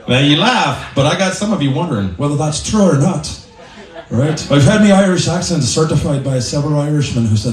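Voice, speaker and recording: A man's voice: a little high, animated, fairly quick, distant mic. A man performing in a bar, teasing the crowd with jokes between songs. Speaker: bar singer and guitarist. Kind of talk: live stage banter between songs. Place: bar, indoors. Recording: echoey bar taped from afar, guitar.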